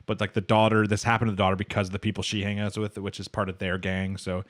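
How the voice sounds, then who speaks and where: Male podcast host, low voice, rambling recap full of fillers. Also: level tone, fast, no echo, studio quality. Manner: rambling, lots of fillers, acts out characters' lines. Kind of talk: casual anime recap chat.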